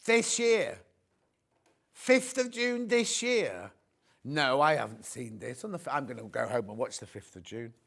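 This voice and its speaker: Lively, chatty man presenting. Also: mid-range voice, a little slow, gravelly. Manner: chatty, jokey, rambling into anecdotes. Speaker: shopping channel presenter. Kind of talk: live shopping presentation with chatty banter.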